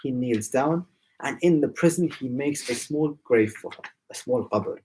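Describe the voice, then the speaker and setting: A man's voice: medium pitch, a little slow, a little mellow, slight background noise, rough recording. A man storytelling to children at a majlis, emotive and addressing them directly.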